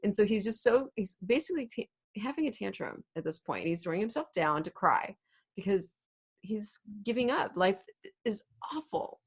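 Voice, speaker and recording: A woman English teacher in a casual literature discussion, paraphrasing in an animated, chatty way. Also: mid-range voice, normal speed, breathy edge.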